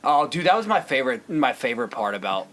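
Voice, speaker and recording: A young man co-hosting a casual podcast chat, animated and laughing often, slipping into quick put-on movie voices. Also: medium pitch. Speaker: podcast co-host.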